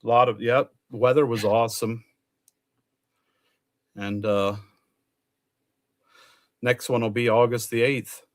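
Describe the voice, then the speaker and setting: A man's voice: mid-range voice, fairly even intonation, slow pace, pauses often. A man in casual chat, rambling through results and stories from an event he worked as an official. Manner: rambling, chatty, reads out results. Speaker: truck pull official.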